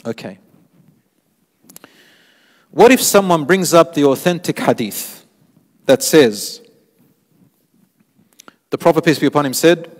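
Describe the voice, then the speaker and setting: A man giving a sermon in a mosque, telling stories with lively rising emphasis and quoting Arabic scripture. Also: fairly high pitch, slow, pauses often. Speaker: sheikh giving a mosque lecture. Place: mosque lecture hall. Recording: long hall reverb.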